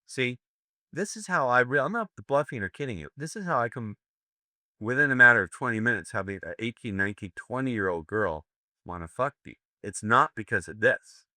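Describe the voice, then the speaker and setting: A man's voice: medium pitch, lively intonation, fairly quick, bright, forceful tone, no echo, studio quality. An older American man giving a live seminar lecture, brash and profane, joking with his audience. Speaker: seminar instructor.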